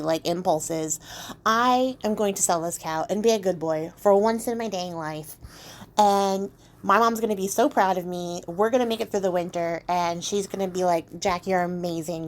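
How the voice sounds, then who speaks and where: A woman's voice: on the low side, moderate pace, natural voice. Woman putting on cocky young Jack. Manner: boastful, overconfident. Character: cocky impulsive teenage boy Jack.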